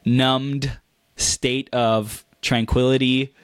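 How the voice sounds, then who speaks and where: Man, motivational talk, upbeat, repeats words, laughs at own jokes, mid pitch, dry close sound. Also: flat delivery, extremely slow, clean tone, no room sound. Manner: acts out quoted reactions in a higher voice. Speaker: motivational speaker. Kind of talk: motivational monologue to camera.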